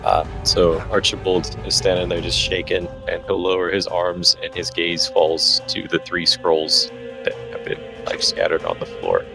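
A man's voice: low voice, moderate pace, vocal fry, over music. A man describing his character's actions as a player in a tabletop game, hesitant and full of filler words.

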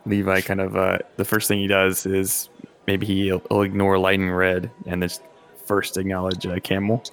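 A man playing a tabletop game, describing his character's actions in a halting, hesitant way with many fillers. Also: deep voice, completely flat delivery, a bit bright. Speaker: player.

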